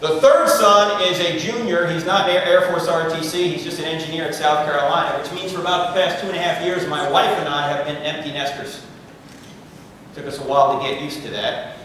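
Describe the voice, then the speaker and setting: A man's voice: fairly high pitch, fairly even intonation, a bit bright, a little hiss or hum. Middle-aged man joking through a lecture in an echoey hall. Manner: joking, conversational, quick asides to the crowd. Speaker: guest speaker. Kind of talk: humorous lecture to a live audience. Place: large university lecture hall. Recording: echoey hall, voice picked up from far off.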